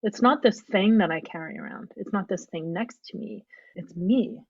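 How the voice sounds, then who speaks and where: A woman's voice: medium pitch, normal speed, husky, dry recording. Thoughtful middle-aged woman, dry muffled sound. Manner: thoughtful, qualifying herself, frequent "you know" and "I mean". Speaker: graphic novelist and podcast guest. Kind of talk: reflective interview talk.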